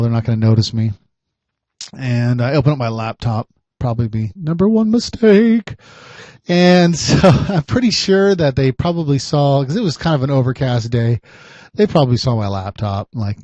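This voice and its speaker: A man hosting a podcast, a private investigator telling a story in a chatty, animated way. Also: medium pitch, no room sound. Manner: animated, chatty, laughs often.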